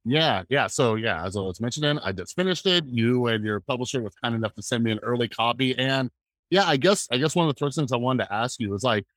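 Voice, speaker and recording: Man, podcast host, casual, rambling, filler-heavy, average pitch, dry sound. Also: animated, fast, a bit bright, dry recording. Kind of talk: podcast interview.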